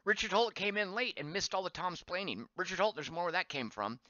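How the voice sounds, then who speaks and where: Chatty lively-voiced male game streamer. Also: high-pitched, brisk, hardly any pauses, no room sound, dull audio. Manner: chatty, reads chat aloud, thinks out loud. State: voice going hoarse. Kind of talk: live gameplay commentary.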